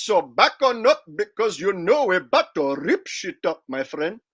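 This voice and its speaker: A man rapping in a put-on Indian accent, high and drawn-out in a sing-song delivery. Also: a bit bright, heavily acted.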